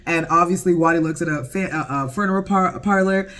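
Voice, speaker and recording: A man giving a casual, profane episode recap, animated and laughing often. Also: high voice, fairly quick. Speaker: TV show reviewer.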